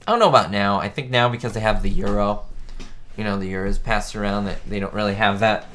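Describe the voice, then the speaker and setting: A man hosting a casual live stream, chatting about an old sitcom episode and answering viewers' comments with excitable asides. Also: fairly low pitch, fast talker. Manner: chatty, reads chat aloud, excitable asides. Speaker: host. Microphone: webcam setup.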